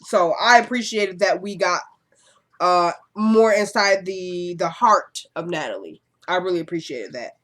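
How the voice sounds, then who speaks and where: Woman, casual episode recap, chatty, digressive, animated, opinionated. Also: on the low side, a little slow. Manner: chatty and digressive, often says "you know what I'm saying".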